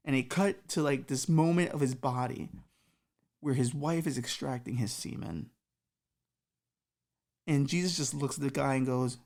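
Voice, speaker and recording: A woman's voice: a bass voice, normal speed, pauses often, a little mellow. A woman hosting a comedy podcast, telling a crude improvised story in a rambling way. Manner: rambling, filler-heavy, crude.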